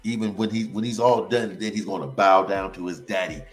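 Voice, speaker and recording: A man preaching through scripture, emphatic, repeating phrases in a chant and breaking into sudden high whoops. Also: steady tone, a little fast, faint music behind. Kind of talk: sermon-style scripture teaching.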